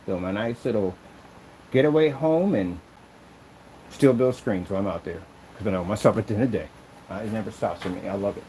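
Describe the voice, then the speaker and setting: A somewhat mellow, mid-range male voice belongs to a maker and seller of projection screens who gripes in a casual vlog, wandering and repeating himself. The rough recording carries a little hiss or hum.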